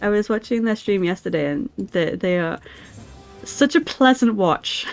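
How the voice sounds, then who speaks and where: A woman's voice: medium pitch, expressive, unhurried. Giggly woman chatting on a live stream. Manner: giggly, chatty, answers chat warmly. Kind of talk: casual live-stream chat. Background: faint music.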